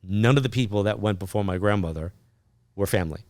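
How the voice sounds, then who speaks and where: A man, a guest on an interview podcast, telling a personal story in a chatty, animated way, full of fillers and acted-out dialogue. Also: lowish voice, fast talker, no room sound. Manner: animated, acts out remembered dialogue. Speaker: podcast guest, psychic medium.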